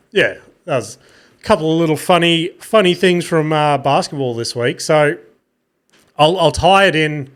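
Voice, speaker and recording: A man's voice: medium pitch, a bit bright. Tired Australian man hosting a podcast. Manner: rambling, swears casually, self-mocking. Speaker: podcast host. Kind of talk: casual solo storytelling.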